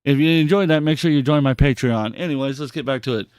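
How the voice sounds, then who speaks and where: A man hosting a podcast, reacting to clips in an excitable, heavily profane rant. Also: mid-range voice, quick pace, smooth, no room sound, studio quality. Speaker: podcast host. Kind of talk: casual commentary on clips.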